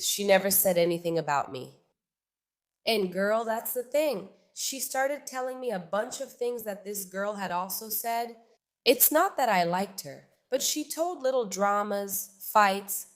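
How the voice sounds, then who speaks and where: A woman casually telling a personal story to her viewers, chatty and animated, often turning to address them directly. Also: mid-range voice.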